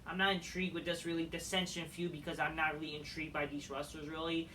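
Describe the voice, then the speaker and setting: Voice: mid-range voice, level tone, fast talker, bright, forceful tone. A speaker giving a scornful, profane rant recapping a wrestling show, swearing constantly. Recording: distant mic with faint noise.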